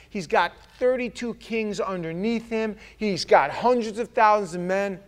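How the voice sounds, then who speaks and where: A male pastor delivers a sermon in an emphatic, conversational style, speaking straight to his congregation. His voice sits a little high for a man and moves between punchy emphasis and quieter asides. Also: normal speed.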